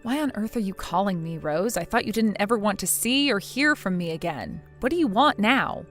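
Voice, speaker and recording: A woman voicing a cool, sarcastic young wife in a scripted text-message drama, mocking quietly. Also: medium pitch, animated, normal speed, faint music behind, natural voice.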